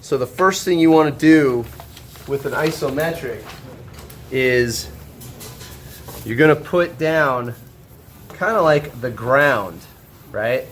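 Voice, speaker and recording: A man teaching a high school shop class, walking students through a drawing step by step, checking in often and joking with them. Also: slow, long pauses, slight background noise. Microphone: camera held by a student.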